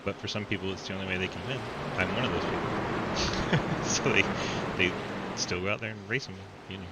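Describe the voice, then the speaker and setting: A man's voice: low-pitched, brisk, heavy background noise. A man calling a sim racing event as commentator, casual and joking, laughing often. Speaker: race commentator.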